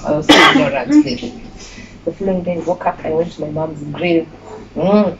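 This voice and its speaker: A young woman with a Kenyan accent tells a personal story as an interview guest, animated and quick to laugh. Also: lowish voice. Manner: animated, laughing, mixing in Swahili phrases. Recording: muffled with clear background noise.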